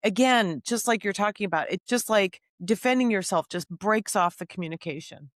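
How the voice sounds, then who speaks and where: A woman's voice: medium pitch, brisk, dry recording. Woman, podcast host, casual interview, thoughtful, reflective, dry room. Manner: thoughtful, reflective, builds on the guest's points.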